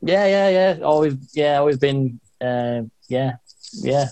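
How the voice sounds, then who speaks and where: A young man with a Yorkshire accent talks in a loose, rambling way, stopping often to reach for words with plenty of "like" and "uh". His voice sits at an ordinary middle pitch. The sound is close and dry, with no room around it. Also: lively intonation, a little slow, a little mellow, dry recording. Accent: Yorkshire English. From England, Yorkshire. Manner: hesitant, rambling with many fillers and laughs. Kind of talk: casual chat.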